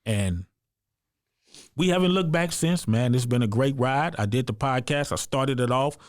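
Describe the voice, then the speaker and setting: A man from the United States speaks as a podcast guest, recounting his life in an earnest, emphatic, conversational way. His voice sits in an ordinary middle pitch. The recording is dry and close, with no room echo. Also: lively intonation, moderate pace. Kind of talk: personal storytelling in an interview.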